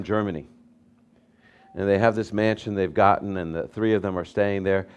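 A pastor preaching a sermon, telling stories with lively swings between loud emphasis and soft asides. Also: male voice, lowish voice.

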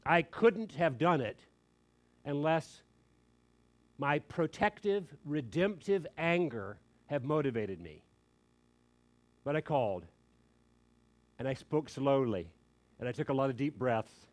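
An older man with a mid-range voice preaches a sermon, slowly and with long pauses. He tells a family story in an earnest, conversational way, quoting others in lively asides.

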